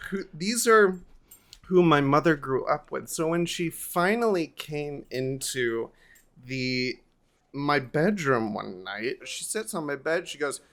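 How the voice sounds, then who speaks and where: Guy hosting a podcast, chatty and animated, telling a funny family story, swears a bit. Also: on the high side, takes it slowly. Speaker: podcast host. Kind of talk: casual storytelling chat.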